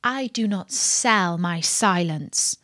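A woman voicing a humble young garden boy who answers quietly and respectfully in a storybook reading. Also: lowish voice, expressive, takes it slowly, no echo, studio quality. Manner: quiet, reserved replies.

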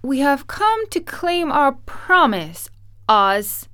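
A woman voicing an earnest little girl in a storybook reading, speaking high and emphatic. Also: very animated, slow, a bit bright, no room sound, studio quality, heavily acted. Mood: insistent.

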